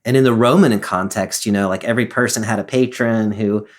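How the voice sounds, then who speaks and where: A man's voice: lowish voice, a little fast. A man co-hosting a Bible podcast who speaks like the teacher he is. He explains background eagerly, stringing ideas together with casual fillers. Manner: enthusiastic, explanatory, many fillers. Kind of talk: casual discussion of a Bible passage.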